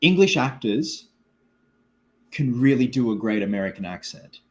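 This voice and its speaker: Speaking at normal speed in a mid-range voice with big pitch swings, an Australian live streamer chats casually with viewers and reads out their comments. He leans heavily on fillers, especially "like" and "man."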